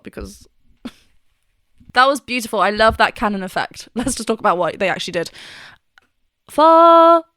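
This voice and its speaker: A woman's voice: medium pitch, a bit bright, no room sound, clean studio sound. A woman vocal coach chatting enthusiastically as she reacts to a song and explains singing technique. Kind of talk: casual reaction and vocal analysis.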